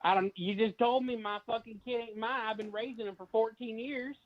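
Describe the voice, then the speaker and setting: A man on the phone, angry and swearing as he talks. His voice sits high for a man. The line is dull and muffled, like a cheap phone call. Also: steady tone, fairly quick. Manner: furious and profane. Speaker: prank call recipient.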